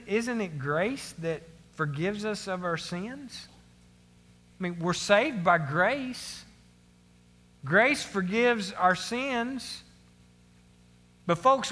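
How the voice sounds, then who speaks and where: A man's voice: high voice, lively intonation, takes it slowly, bright, forceful tone, long reverb tail. A man preaching a sermon to his congregation, earnest and emphatic, repeating his key phrases. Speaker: pastor.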